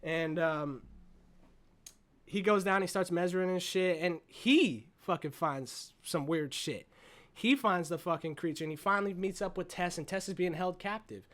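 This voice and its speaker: A man recapping a horror movie in a casual, profane, excited and rambling way, seated at his desk. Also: high voice, normal speed. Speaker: movie reviewer.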